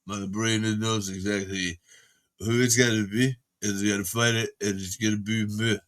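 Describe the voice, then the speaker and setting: A man putting on an impression of a punch-drunk older boxer, mumbling in a slow, slurred tough-guy drawl. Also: lowish voice, level tone, a bit bright, close to an everyday voice.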